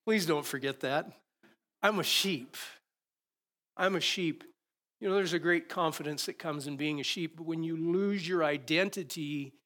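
A pastor preaching in a fairly high voice. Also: male voice. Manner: conversational preaching, joking, swings between loud emphasis and quiet asides. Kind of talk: sermon. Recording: preached into a microphone.

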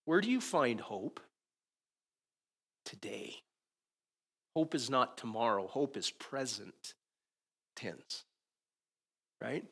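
A man preaching a conversational sermon, often asking "right?" and moving between loud and quiet. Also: mid-range voice, sing-song, takes it slowly, creaky, pauses often, husky. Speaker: pastor.

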